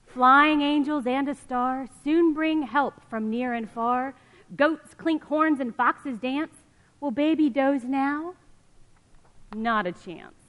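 A woman reading a children's picture book aloud to a church congregation, in a gentle, sing-song storybook manner. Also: sits high. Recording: long reverb of a church hall.

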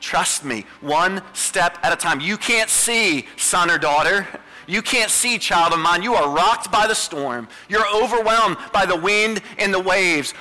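Bright-voiced pastor preaching in a hall. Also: male voice. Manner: repetitive, swinging between pleading highs and hushed lows. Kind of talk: sermon. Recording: reverberant hall with soft music.

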